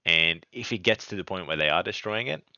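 Low-voiced man, rambling podcast host. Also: animated, fairly quick, pushed and bright, no room sound. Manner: rambling, many ums and restarts. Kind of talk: casual card game strategy talk. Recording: dull lo-fi dry sound.

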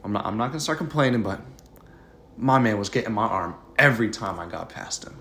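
Man, podcast co-host, slightly low voice, quick laid-back remarks, faint hiss. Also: animated, fairly bright tone. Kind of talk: casual chat.

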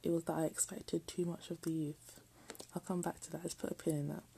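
Low, gravelly-voiced woman reading aloud. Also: little pitch movement, fairly quick, mellow, slight background noise, poor audio. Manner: self-mocking. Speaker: reader. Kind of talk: reading a text aloud with joking asides.

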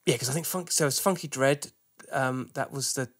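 A man's voice: mid-range voice, fairly quick, a bit bright, no room sound, studio quality. A man hosting a casual interview, eagerly chiming in and steering the talk. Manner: eager, chiming in with short agreements. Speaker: host.

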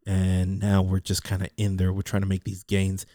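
Guy rambling casual, low mellow voice, keeps repeating himself, dry sound. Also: monotone, normal speed, no echo. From Mexican heritage. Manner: rambling, repeats words, restarts often. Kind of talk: casual personal monologue.

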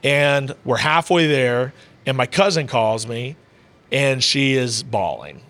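A combat sports announcer, appearing as a podcast guest, tells a heartfelt story in his medium-pitched voice, which is expressive, slow, and a bit bright. His talk is casual and rambling, packed with "you know" and "bro." He's recording in an indoor VR arcade he owns.

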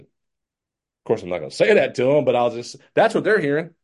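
Animated man coaching sales. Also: mid-range voice, moderate pace. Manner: animated, acts out customer dialogues. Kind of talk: casual sales coaching chat.

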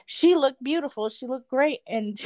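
A woman's voice: sits high, measured pace, warm tone, no echo. A woman in her thirties, a guest on a talk show, telling a personal story in a chatty way with many fillers and easy laughs. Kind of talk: casual storytelling.

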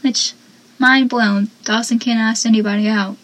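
A young woman casually recapping a TV episode, chatty and laughing often, with animated asides. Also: sits high, a little slow, poor audio.

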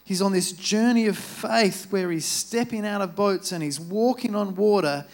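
High-voiced man preaching casually. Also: moderate pace, a little mellow. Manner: casual, chatty retelling with acted-out quotes. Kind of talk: conversational sermon storytelling. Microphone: microphone.

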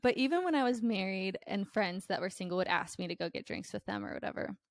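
A woman's voice: medium pitch, expressive, fast talker, no room sound, clean studio sound. A young woman hosting a podcast, talking in a candid, blunt way with lots of fillers. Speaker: podcast host. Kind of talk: casual chat.

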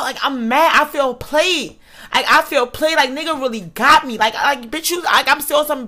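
A young woman telling a story in an animated, profane and loud manner. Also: high voice, brisk. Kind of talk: casual storytelling.

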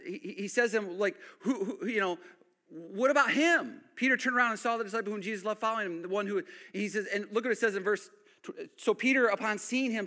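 A man preaching a sermon, animated, then dropping to hushed emphasis. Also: high-pitched. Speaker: pastor.

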